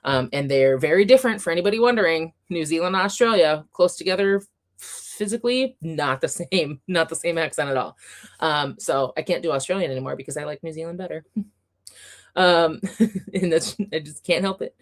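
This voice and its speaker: A young woman from the United States hosting a relaxed livestream. Her voice sits a little low, and she talks in a chatty, upbeat way full of fillers and small laughs as she answers her viewers. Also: fairly quick. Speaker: livestream host reading chat. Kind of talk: casual livestream chat.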